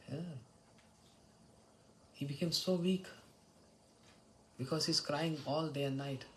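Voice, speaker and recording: A man's voice: high-pitched, fairly even intonation, a little slow, pauses often, slight background noise, low-quality recording. Man giving a devotional talk. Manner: storytelling, chants Sanskrit and Bengali verses. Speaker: spiritual teacher. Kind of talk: devotional morning lecture.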